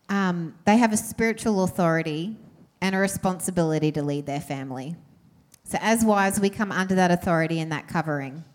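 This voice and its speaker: Lower-voiced woman preaching conversationally. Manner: warm, conversational with frequent fillers. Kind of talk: sermon.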